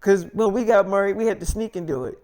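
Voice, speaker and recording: A man's voice: sits high, darkish tone. A man telling an improvised freestyle story in a casual, rambling way. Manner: casual, rambling, quick asides.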